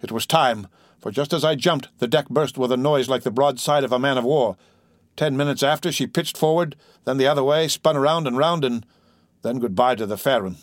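Give me a man playing a plain-spoken old seaman, loyal and rough. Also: mid-range voice, fairly quick, no echo, clean studio sound, close to an everyday voice. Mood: recounting. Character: old sailor telling of a shipwreck.

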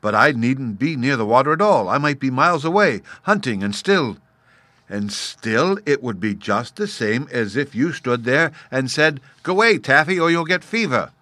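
A bright, piping little cave girl bubbles over with eager excitement, put on by a man reading aloud. Her voice sits well above his own and sounds crisp and close, with no room around it. She chatters like a child who can barely wait. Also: medium pitch, moderate pace, dry recording, pitched above the performer's own voice. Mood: excited. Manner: eager, breathless, rising with excitement.

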